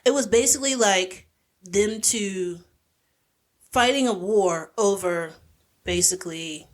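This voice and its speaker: A woman's voice: medium pitch, slow pace, pauses often. Chatty woman retelling history. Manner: retells history in slangy quoted voices; conversational, many fillers like "like" and "um". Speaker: podcast co-host. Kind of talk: casual storytelling chat.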